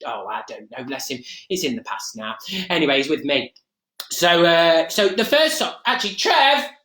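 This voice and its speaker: Mrs Mabel Green, a gossipy, talkative middle-aged woman from Nottingham, is voiced by a performer using an East Midlands accent in a rambling comic live-stream monologue with many fillers and asides. The voice is mid-range, animated and a little bright at a moderate pace, near an everyday voice, recorded in an echoey room.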